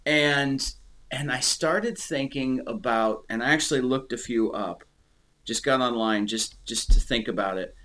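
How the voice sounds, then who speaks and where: A man in casual conversation about faith, rambling and restarting, animated and emotional as he speaks. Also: medium pitch, unhurried. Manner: rambling, animated, repeats words.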